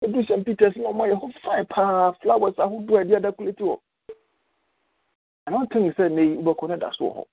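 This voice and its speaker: A man's voice: high-pitched, fairly even intonation, brisk, creaky, husky. An older man reminiscing in casual chat, telling stories and mixing in English words. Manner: storytelling, mixing English words into his speech. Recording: tinny phone-line call.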